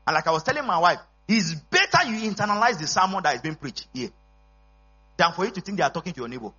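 A man preaching a sermon as pastor, emphatic, with call-and-response and bursts of shouting. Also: high-pitched, big pitch swings, fast, slightly rough. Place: church service. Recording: dull lo-fi recording with mains hum.

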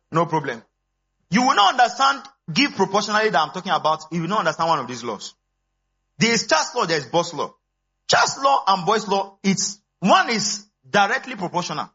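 An animated pastor in his thirties, a man with a bright, husky voice. His sermon jumps between quiet asides and high exclamations. The church recording sounds dull and lo-fi. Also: brisk.

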